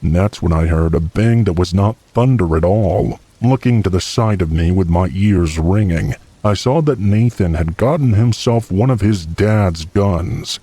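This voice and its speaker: A man narrating a first-person horror story in a calm, steady storytelling manner. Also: deep voice, a little slow, few pauses, slightly rough, no echo.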